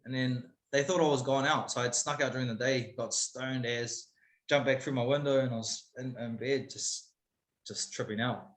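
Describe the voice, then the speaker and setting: A man's voice: mid-range voice, steady tone, normal speed, a bit bright. A man, a guest telling a story casually and candidly, swearing freely. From New Zealand. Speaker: guest, MMA fighter. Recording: roomy echo.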